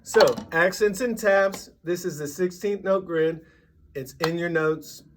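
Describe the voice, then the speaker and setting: A man teaching a drum lesson, patiently explaining and counting sixteenth-note rhythms out loud. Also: high-pitched, unhurried, slight background noise.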